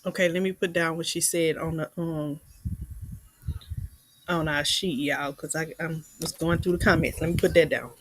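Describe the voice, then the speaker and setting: A woman's voice: sits low, steady tone, normal speed, poor audio. A woman hosting a casual livestream, chatting, reading viewer comments aloud and laughing often. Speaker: livestream host.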